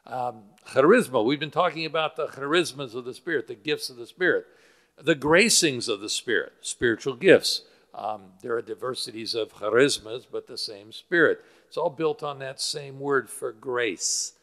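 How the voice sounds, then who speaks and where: A man's voice: medium pitch, normal speed, a bit bright. A male pastor preaching a sermon that explains Greek word roots, with frequent fillers. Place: church sanctuary. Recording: church hall with long reverb.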